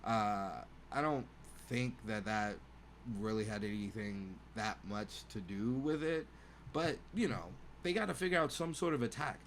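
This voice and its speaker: A man's voice: fairly low pitch, a little slow, a little hiss or hum. Rambling man riffing solo. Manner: loose rambling riffing with laughs. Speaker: podcast host. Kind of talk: casual comedic monologue.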